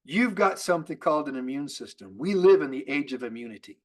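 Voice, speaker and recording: A man giving an energetic business training talk to a sales team, asking rhetorical questions and often restarting his sentences. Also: on the high side, fast. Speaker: network marketing trainer.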